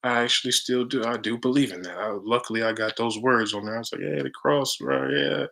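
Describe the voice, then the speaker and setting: A man's voice: lowish voice, steady tone, fast, bright, forceful tone. A man giving a casual, preachy spiritual talk to viewers, full of slang and frequent laughter. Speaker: spiritual chant leader.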